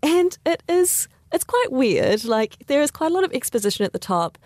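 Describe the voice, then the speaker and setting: A woman's voice: high voice, sing-song, moderate pace, darkish tone, no room sound, clean studio sound. A woman co-hosting a podcast in casual chat, rambling with lots of fillers and frequent laughter. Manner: chatty, rambling with many fillers, laughs often. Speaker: podcast co-host.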